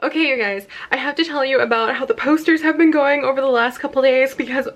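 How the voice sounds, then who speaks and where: A woman's voice: high voice, fast talker. Bubbly chatty woman vlogger. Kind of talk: casual vlog chat to camera. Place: outdoors at home, then indoors.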